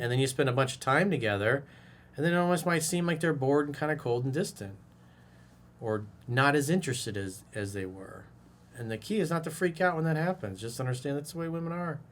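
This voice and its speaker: A man who works as a dating coach, giving blunt, profane advice in a casual monologue and scolding the listener like a buddy. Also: mid-range voice. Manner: casual bro-talk, direct address. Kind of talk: advice monologue reacting to a viewer's message.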